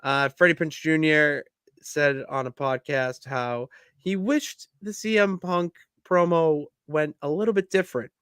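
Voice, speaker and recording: A man co-hosting a wrestling podcast, chatting casually and telling stories in an animated way. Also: a little high, unhurried, smooth, dry recording, studio quality. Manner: animated storytelling, bursts into loud laughs. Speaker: podcast co-host. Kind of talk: casual chat.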